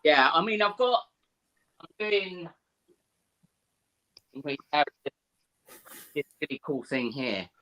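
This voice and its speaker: A man's voice: a little high, lively intonation, takes it slowly, pauses often, bright, forceful tone, poor audio. A man chatting as a guest in a casual talk, upbeat and easygoing. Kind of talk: casual chat.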